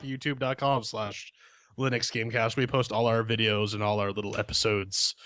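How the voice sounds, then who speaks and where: A man's voice: lowish voice, little pitch movement, moderate pace, pushed and bright, no room sound. A man from Canada co-hosting a gaming podcast, rambling and joking in casual banter. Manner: rambling, joking, repeats words. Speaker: podcast co-host.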